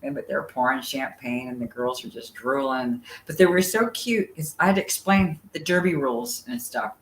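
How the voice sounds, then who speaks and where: A woman guest telling stories in a chatty, animated way, full of fillers, talking over a video call from outdoors by her camper. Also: extremely low pitch, normal speed, a little hiss or hum. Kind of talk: casual storytelling chat. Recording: roomy sound with faint ambience.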